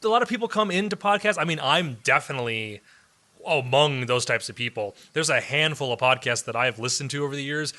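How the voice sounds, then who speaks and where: A man's voice: medium pitch, expressive, brisk, pushed and bright. A man co-hosting a casual podcast, playful and giggly, often tripping over his words. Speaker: podcast co-host.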